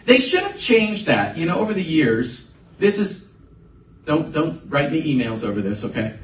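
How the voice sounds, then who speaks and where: Pastor guy preaching in a big echoey church, mic kinda far off, voice a bit high. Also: wildly swooping pitch, moderate pace. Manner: conversational preaching with rising emphatic bursts. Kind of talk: sermon. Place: church sanctuary. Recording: echoey room, voice from a distance, faint ambience.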